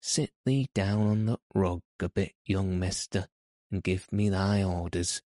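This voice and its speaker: A man's voice: low voice, steady tone, a little slow, warm tone, no room sound. A man voicing a crabbed old male gardener with a broad Yorkshire dialect, blunt and dry. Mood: gruff. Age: older.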